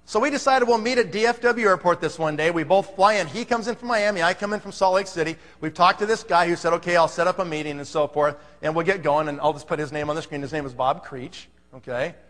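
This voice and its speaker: A man's voice: on the high side, quick pace, few pauses, fairly bright tone, in a large hall. A man presenting at a business seminar, telling a story to a live audience in an emphatic, conversational way and often checking in with "okay?".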